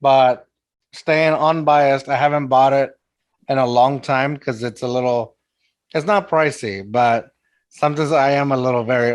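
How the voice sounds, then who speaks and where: A man with a Mexican accent hosting a podcast in casual, joking chat, swearing freely. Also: medium pitch. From Texas. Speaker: podcast host.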